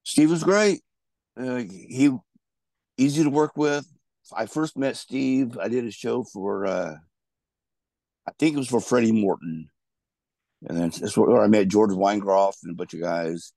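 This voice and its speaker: A low, gravelly man tells loose, rambling stories about his wrestling career. His tone is dark and mellow, and the sound is dry and close. He restarts his sentences often as he talks. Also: unhurried, pauses often, no room sound. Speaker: guest, former pro wrestler. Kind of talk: casual storytelling interview.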